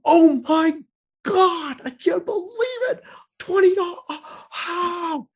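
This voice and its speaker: A man voicing an overjoyed man on the street, with high, breaking exclamations in a retold story. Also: takes it slowly, heavily acted.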